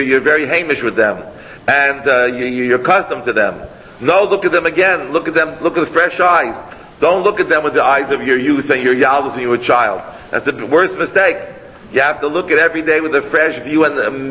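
A man teaching a Torah class as a rabbi, animated and rambling, sprinkling Hebrew and Yiddish words into his talk. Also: on the high side. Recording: long hall echo, dull lo-fi, faint noise.

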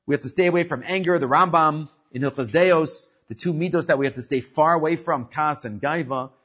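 A man's voice: fairly high pitch, brisk. A man teaching a casual religious class, telling stories animatedly and often restarting his sentences. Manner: animated storyteller with frequent restarts. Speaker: Torah teacher. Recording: muffled lo-fi recording.

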